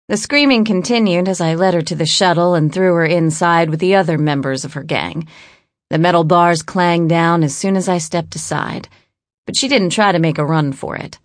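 Low-voiced woman narrating an audiobook. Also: no room sound, studio quality.

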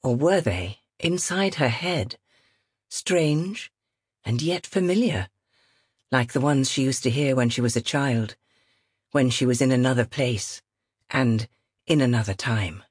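A woman narrating a novel in a measured, expressive reading. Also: rumbling low, breathy edge, dry recording, studio quality. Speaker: audiobook narrator. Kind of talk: scripted narration.

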